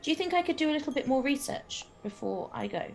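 Lively, hesitant woman role-playing. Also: high voice, fast talker, vocal fry, faint music behind. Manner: hesitant and polite, with many fillers. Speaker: player. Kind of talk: in-character role-play chat.

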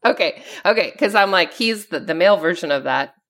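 A woman hosting a casual podcast, reacting with short, lively remarks. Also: fairly low pitch, a little fast. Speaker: podcast host.

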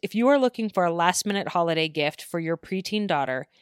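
Woman host, low voice, close dry mic, easy conversational read. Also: animated, a little fast, clear, resonant tone, no room sound. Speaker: podcast host. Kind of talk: casual podcast conversation.

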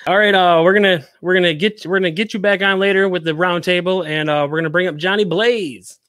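A man's voice: sits high, fairly even intonation, quick pace, a bit bright, no room sound, studio quality. A man hosting a casual movie podcast, laughing often and using many "uh" fillers. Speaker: podcast host. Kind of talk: casual movie review chat.

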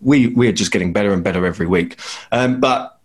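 A man's voice: fairly low pitch, brisk. A man hosting a casual podcast who steers the talk and moves the show along. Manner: steering the conversation. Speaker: podcast host.

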